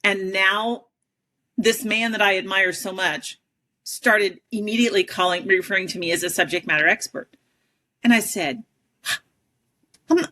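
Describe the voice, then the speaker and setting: A woman on an interview show telling a personal story in a lively, self-deprecating way, often acting out the people she quotes. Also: mid-range voice. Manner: animated, self-deprecating, acts out quoted dialogue. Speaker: interview guest, advocate and educator.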